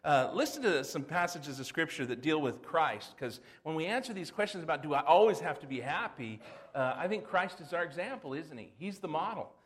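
A middle-aged pastor preaching a sermon in a folksy, conversational way. He tosses rhetorical questions and homely asides to the congregation. His man's voice sits on the higher side. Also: animated, fairly quick.

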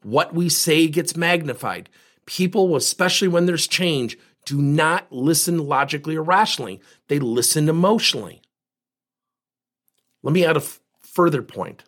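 Animated, husky-voiced man coaching listeners. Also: a little high, normal speed. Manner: emphatic, addresses listeners directly, rhetorical questions. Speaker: leadership coach and podcast host. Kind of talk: podcast monologue.

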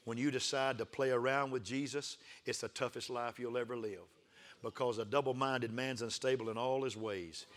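A male preacher with a bright, forceful voice delivers a sermon in a rolling, repetitive cadence. He swings between hushed, intimate passages and loud, fervent calls for the congregation to answer back. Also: medium pitch, steady tone, normal speed. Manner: builds from hushed to fervent shouting with call-and-response.

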